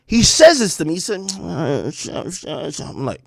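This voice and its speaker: A man's voice: a little high, wildly swooping pitch, moderate pace, vocal fry, dry recording, studio quality. A man telling a long, profane story in a casual rant, rambling with many restarts and bursts of laughter. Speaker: streamer and commentator.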